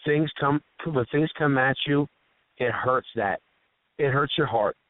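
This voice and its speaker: A man's voice: mid-range voice, unhurried, no echo, phone-quality sound. A man hosting casual radio talk, telling stories in an earnest, emotional, heartfelt way. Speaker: host.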